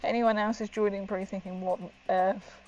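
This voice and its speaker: A woman's voice: mid-range voice, fairly even intonation, a little fast, darkish tone. A woman chatting and giggling to her viewers as she paints miniatures on a live stream, her voice muffled by a helmet she is wearing. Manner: giggly, chatty, talks to viewers while working. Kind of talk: casual live-stream chat. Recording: dull lo-fi stream audio with faint music.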